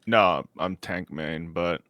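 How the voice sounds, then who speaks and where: Low-voiced laid-back gamer guy. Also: takes it slowly, a bit bright. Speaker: stream guest. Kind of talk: casual group call chat.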